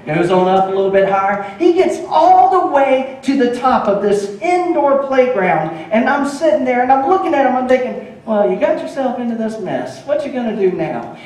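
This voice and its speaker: Man, preaching, animated storyteller, high voice, distant mic, echoey church. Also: normal speed, few pauses, a little hiss or hum. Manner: animated storytelling, acting out shouts. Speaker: pastor. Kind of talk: sermon. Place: church sanctuary.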